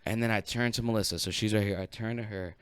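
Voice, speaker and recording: A man on a podcast telling a story in casual chat, animated and profane, acting out what people said. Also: on the low side, fast, clear, resonant tone, no echo. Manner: animated, profane, acts out quotes.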